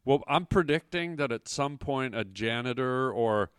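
A man's voice: mid-range voice, expressive, measured pace, clean tone, no echo, clean studio sound. A man co-hosting a podcast with casual, jokey banter full of puns and wordplay, recorded in a large empty hotel conference room. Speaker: podcast co-host.

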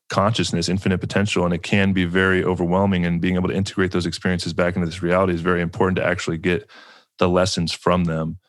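A man hosting a conversation, talking calmly and reflectively with many "you know"s. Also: deep voice, no room sound. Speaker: podcast host. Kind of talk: conversational interview.

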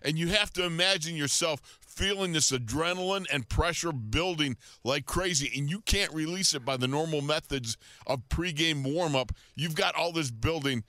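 A man's voice: fairly high pitch, normal speed, few pauses, bright, forceful tone, no echo. A man co-hosting a podcast in casual chat, chiming in with short affirmations. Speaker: podcast co-host.

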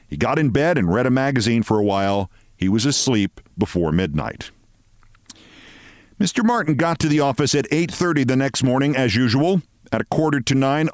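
A male podcast host reading a short story aloud with expressive storytelling. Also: medium pitch, no echo, clean studio sound. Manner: expressive storytelling, shifting voices.

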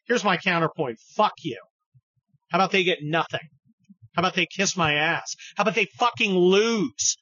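A man's voice: high voice, normal speed, bright, forceful tone, no room sound. A man hosting a podcast, giving casual political commentary in a heated, profane, sarcastic way. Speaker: podcast host. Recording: dull dry studio recording.

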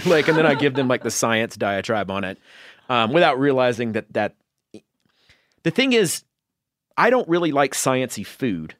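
A man's voice: lowish voice, expressive, normal speed, no room sound, clean studio sound. A man, a chef chatting as a podcast guest, rambling through long explanations full of fillers. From Southern United States. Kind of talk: casual conversation.

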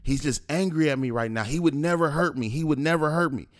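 A man putting on a frightened older man's pleading, strained high voice. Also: quick pace, lightly acted. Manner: pleading and repeating himself.

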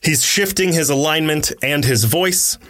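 Brief: podcast host, male, bright and lively narration. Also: a little high, unhurried. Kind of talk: casual story retelling.

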